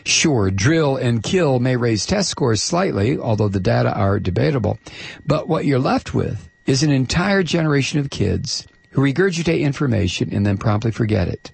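A man's voice: medium pitch, sing-song, normal speed, vocal fry, breathy edge, no room sound. A man hosting a talk show, reading a listener's letter aloud in an emphatic, sarcastic way. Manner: emphatic, sarcastic, stretches key words.

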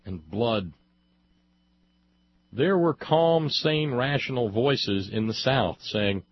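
A man's voice: medium pitch, lively intonation, slow, long pauses. A man giving an impassioned opinion monologue as a commentator, emphatic and building long lists with rising force. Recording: dull lo-fi dry recording.

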